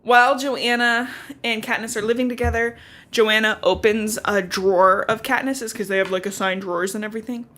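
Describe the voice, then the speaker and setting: Young woman podcast host; bright, chatty, profane, with lots of filler. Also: a little high, steady tone, a little fast. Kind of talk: casual book recap chat.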